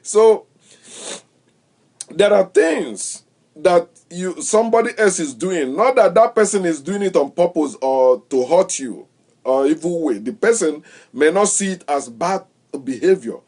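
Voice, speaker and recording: A man giving his opinions in casual talk, lively, acting out the people he quotes and laughing often. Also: high-pitched, unhurried. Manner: animated, acts out quoted voices.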